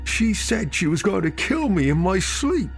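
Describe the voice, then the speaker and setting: A man's voice: high-pitched, sing-song, normal speed, faint music behind, pitched above the performer's own voice. A man voicing a worn-out middle-aged uncle near tears, weary and defeated. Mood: despairing. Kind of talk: audio drama narration.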